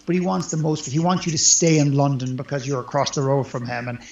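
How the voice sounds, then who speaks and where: As a guest in a conversational interview, a life coach talks earnestly and emphatically with a mid-range, level voice, brisk pace and vocal fry. The recording has a roomy, dull lo-fi quality.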